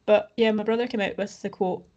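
A woman's voice: medium pitch, steady tone, brisk, dark tone, muffled recording. A woman in her forties co-hosting a podcast in an easygoing chat. She keeps her delivery dry and understated, letting the humour land without pushing it. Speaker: podcast co-host. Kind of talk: casual chat.

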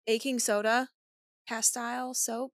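A woman's voice: a little high, flat delivery, a little slow, no room sound, studio quality. A woman co-hosting a podcast in casual chat, chatty and swearing freely, laughing often. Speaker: podcast co-host.

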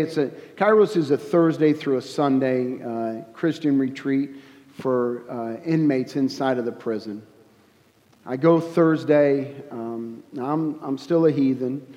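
A man giving a personal testimony at a church service, telling his story in an earnest, halting way with frequent restarts. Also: mid-range voice, mellow, long reverb tail, lo-fi sound. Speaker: guest speaker giving testimony.

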